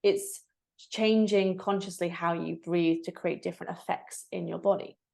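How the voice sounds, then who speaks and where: A woman with a lowish, creaky voice speaks at a normal pace. She's a breathwork facilitator in a podcast interview, candidly and reflectively sharing her personal story and animating the quoted moments with lively asides.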